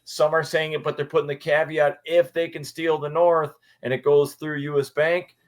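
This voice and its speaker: Man, fairly high voice, podcast co-host, exasperated, sarcastic, casual chat. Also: little pitch movement, normal speed.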